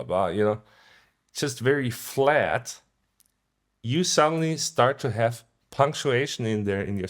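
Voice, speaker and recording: A man teaching guitar in a casual video lesson, relaxed and often ending points with a questioning "yeah?". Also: medium pitch. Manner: sings short phrases to illustrate ideas.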